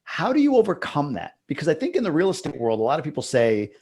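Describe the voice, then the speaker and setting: A man's voice: a little high, huge pitch swings, quick pace, a little mellow. A man hosting a casual interview, talking in a loose, rambling way with frequent restarts. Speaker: host.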